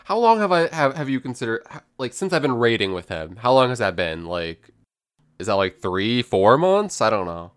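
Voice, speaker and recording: A man's voice: medium pitch, big pitch swings, normal speed, clean tone. A man co-hosting a casual podcast who talks in a rambling way, full of hedges. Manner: rambling, hedging with "like". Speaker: podcast co-host.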